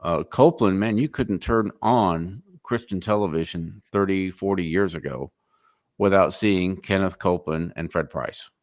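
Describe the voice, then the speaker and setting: A middle-aged man on a Christian livestream panel, explaining church history in a steady, matter-of-fact way. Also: low-pitched, normal speed, no echo, studio quality. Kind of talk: casual discussion.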